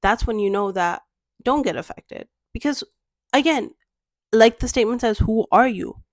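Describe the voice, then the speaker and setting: A woman's voice: a little high, animated, normal speed, no echo, studio quality. A woman vlogger talking straight to camera in a personal monologue, emphatic and full of rhetorical questions.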